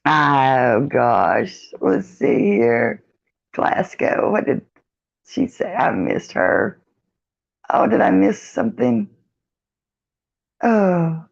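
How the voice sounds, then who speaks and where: On a live stream, a middle-aged woman chats casually, reading the chat aloud and greeting viewers by name in a drawn-out, folksy way. Her voice sits low, creaky and sing-song, and the sound quality is lo-fi.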